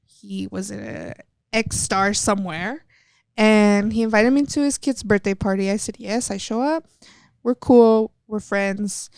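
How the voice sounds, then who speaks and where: Smooth-voiced woman. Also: mid-range voice, a little slow, dry recording, clean studio sound. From El Paso, Texas. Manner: candid and animated, swears freely, acts out quoted dialogue. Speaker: podcast guest, wrestler. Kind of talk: casual interview storytelling.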